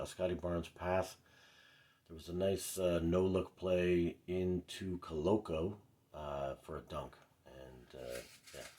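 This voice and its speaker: A man's voice: very deep voice, darkish tone, slight background noise. A middle-aged man giving a casual, rambling recap of a basketball game as a frustrated fan, full of fillers and asides. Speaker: fan commentator. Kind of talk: casual sports recap vlog.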